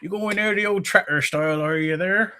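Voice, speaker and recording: Put-on bit: a man doing a slow, thick-accented farmer in a raised, jokey drawl. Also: high voice, bright, forceful tone, clean tone, voice pushed up. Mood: joking.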